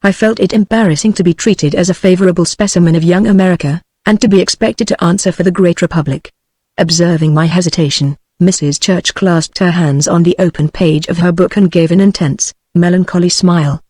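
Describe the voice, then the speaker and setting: A text-to-speech voice of a woman with a British accent, narrating a novel with an even, measured delivery. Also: lowish voice, dry recording. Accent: British English. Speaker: audiobook narrator. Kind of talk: text-to-speech book reading.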